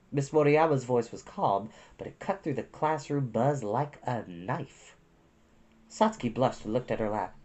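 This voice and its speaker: A woman reading a novel aloud with expressive storytelling. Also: rumbling low, a little slow.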